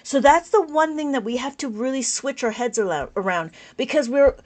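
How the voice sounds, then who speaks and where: A woman teaching an abacus lesson on a live stream, reading out viewer comments, speaking loudly and with enthusiasm. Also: high-pitched, lively intonation, a little fast. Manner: loud, enthusiastic, passionate.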